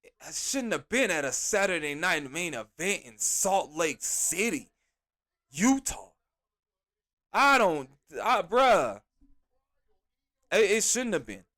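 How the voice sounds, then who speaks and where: A man hosting a podcast, reviewing a wrestling show in an animated, exasperated rant full of slang. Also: high-pitched, slow pace, pauses often. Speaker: podcast host.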